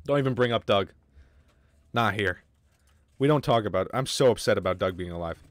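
A young man commentating his game on a livestream, excitable and swearing, with quick outbursts of frustration. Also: fairly low pitch, no room sound. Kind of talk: casual gaming livestream commentary.

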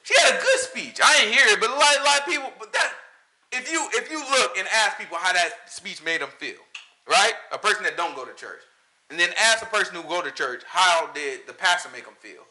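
A man giving a casual, animated sermon to a small group, slipping into impressions of other pastors. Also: high-pitched, brisk. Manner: animated, talks to the room, mimics pastors. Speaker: preacher.

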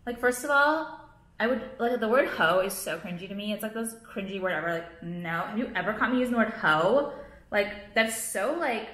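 A young woman talks straight to her camera in a loose, rambling vlog rant, full of fillers and blunt swearing. Her voice sits at an ordinary middle pitch. The room around her rings with echo. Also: lively intonation, moderate pace, fairly bright tone. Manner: rambling, heavy on "like", blunt and profane. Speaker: vlogger and jewelry line owner. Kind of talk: casual ranting vlog to camera. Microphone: camera, not phone. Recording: echoey room.

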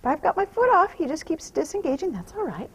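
A woman horse trainer talking out loud while she rides, softly praising the horse and explaining each step. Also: sits high, big pitch swings, fast talker, low-quality recording. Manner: soothing praise to the horse, mixed with quiet running explanation. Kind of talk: narrating while riding.

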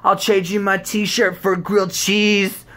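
A man doing a high, whiny, spaced-out raver guy. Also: little pitch movement, slow pace, sharp tone, heavily acted. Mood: panicky.

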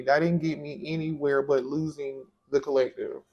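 A man doing a casual tarot reading for his viewers, animated and exclaiming, talking straight to them. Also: a little high, normal speed, hardly any pauses, muffled recording. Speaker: tarot reader.

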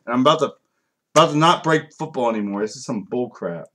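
A man's voice: mid-range voice, animated, brisk, a little hiss or hum. Male card break host; frustrated, profane, mutters card names between complaints. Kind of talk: live card break commentary.

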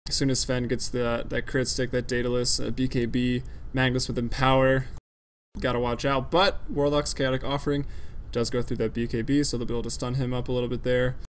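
A man's voice: mid-range voice, level tone, brisk, a little hiss or hum. A man casting an esports draft alone, talking casually and analytically with frequent fillers. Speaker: esports caster. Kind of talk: solo play-by-play commentary.

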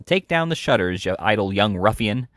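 A man's voice: lowish voice, expressive, normal speed, a bit bright, no room sound, studio quality. A man reading aloud and voicing a bullying teenage charity boy who talks coarse and threatening street talk.

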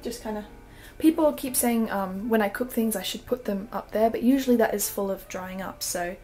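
At a normal speed and in a dark, mid-range voice, a young Australian vlogger casually shows off her small apartment, her accent drifting toward British. Giggles and fillers run through her chat. The room is echoey, with faint music playing in the background.

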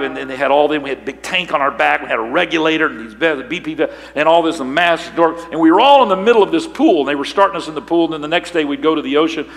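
An older male pastor preaching a sermon, telling a story and building to shouted emphasis. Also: on the high side. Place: large church sanctuary. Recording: long hall reverb.

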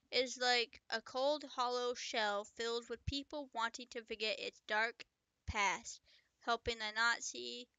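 Bright, chatty woman reading her own story. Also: on the high side, clear, resonant tone, no echo. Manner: chatty, breaks off to joke and comment. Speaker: author reading own book. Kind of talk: casual story reading with asides.

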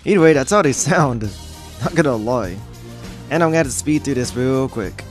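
A man's voice: mid-range voice, expressive, normal speed, faint music behind. A man giving casual, jokey gameplay commentary as a gaming YouTuber, rambling and easily sidetracked.

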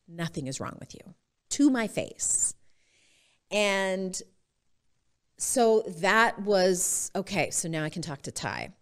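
A middle-aged woman from Utah, a podcast guest telling her personal story in an expressive way and laughing often. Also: lowish voice, takes it slowly, pauses often.

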